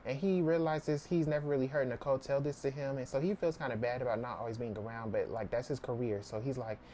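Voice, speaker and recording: A man talks quickly through a novel's plot in a casual, chatty way. He tells the story with lively energy. His voice sits at a middle pitch, and there is a faint hiss of noise behind him. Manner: chatty, animated retelling with quoted voices. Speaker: book reviewer. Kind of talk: casual book summary.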